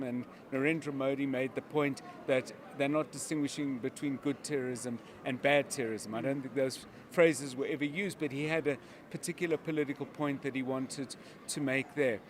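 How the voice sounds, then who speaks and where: A male media analyst talks through the news on a live broadcast, steady and explanatory, backing his points with examples. His voice sits a little on the high side for a man. Faint outdoor city noise with passing vehicles runs underneath. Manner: measured, explanatory, uses examples.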